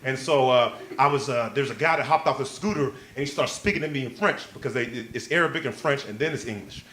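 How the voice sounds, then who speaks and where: A man doing stand-up, telling a story in an animated way, acting out other people's lines and laughing as he goes, on a club stage with a handheld mic. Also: mid-range voice, quick pace. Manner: animated, acts out voices, laughs mid-line. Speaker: stand-up comedian. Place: comedy club stage with a live audience.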